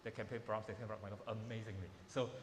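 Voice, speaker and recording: Racing along in a flat, fairly low voice, a man from Malaysia teaches piano in a masterclass workshop, keeping his coaching informal, simple, and full of repeated words. Slight background noise sits under the roomy echo of a large hall, where a piano is playing.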